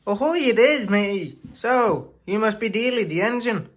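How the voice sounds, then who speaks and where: A man's voice: sits high, expressive, normal speed, voice pushed up. A man playing a chatty shed engine. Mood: welcoming. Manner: rambling, apologetic. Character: friendly talkative male shed engine.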